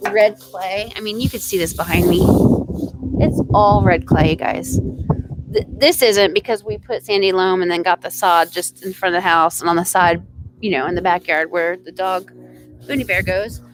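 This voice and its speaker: A woman's voice: lowish voice, moderate pace, slight background noise. Chatty Oklahoman woman on a ranch. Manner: chatty, greets viewers by name with bright bursts of enthusiasm. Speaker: ranch channel host reading live chat. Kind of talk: casual live-stream chat. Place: outdoors on a ranch.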